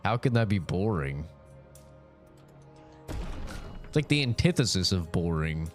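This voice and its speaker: Low-voiced chatty male game streamer. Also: sing-song, takes it slowly, soft background music. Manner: chatty, rambling, greets chat by name. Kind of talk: casual live-stream commentary. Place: home streaming setup.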